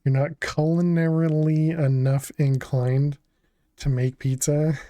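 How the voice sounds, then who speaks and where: A man streams a game in an unhurried, chatty way, musing over his moves and answering viewers between laughs. His voice is mellow and low-key at an ordinary pitch, recorded close and dry. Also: dry recording. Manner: chatty, thinks aloud and answers chat messages; laughs often, relaxed and unhurried. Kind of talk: casual gaming livestream commentary.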